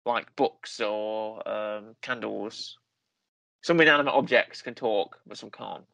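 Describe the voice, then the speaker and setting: A man's voice: fairly low pitch, slow pace, gravelly, sharp tone, no echo. A man co-hosting a casual film podcast, rambling with frequent ums and restarts. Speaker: podcast co-host.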